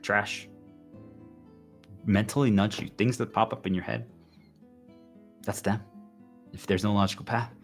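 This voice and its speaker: A man's voice: fairly low pitch, flat delivery, unhurried, long pauses, soft background music. A man livestreaming a rambling, intense personal monologue, full of repeated fillers. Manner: intense, repetitive, heavy use of "like".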